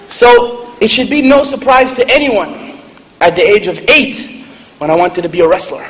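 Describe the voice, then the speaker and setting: A man telling funny stories to an audience in a lively, joking manner. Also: sits high, normal speed. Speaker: speaker at a public event. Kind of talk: humorous storytelling talk. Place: large hall with audience. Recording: echoey hall, faint noise.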